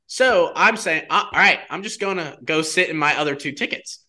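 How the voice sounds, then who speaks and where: A young man chatting casually as a guest, telling a personal story in an animated way, full of "like" fillers. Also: fairly high pitch, moderate pace. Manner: animated, heavy use of "like" fillers.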